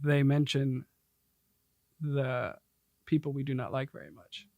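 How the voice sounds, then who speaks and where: A man's voice: mid-range voice, steady tone, a little slow, creaky, no echo, narrow, tinny audio. A man co-hosting a podcast, recapping a movie in casual chat and laughing often. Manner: laughs often, brief agreeing replies. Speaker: podcast co-host.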